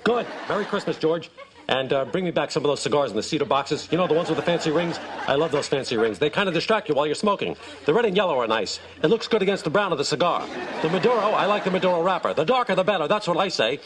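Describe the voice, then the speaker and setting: A man's voice: expressive, crowd noise, natural voice. A man voicing a big, blustery male baseball team owner in a noisy sitcom clip. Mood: rambling. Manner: rambling, booming and rapid.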